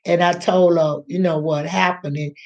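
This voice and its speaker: A woman's voice: lowish voice, fairly even intonation, a little mellow, lo-fi sound. An older woman, a grandmother, telling a personal story in a chatty, rambling way, repeating herself and acting out what others said. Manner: slow, chatty, repeats herself, acts out quoted voices. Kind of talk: casual storytelling to camera.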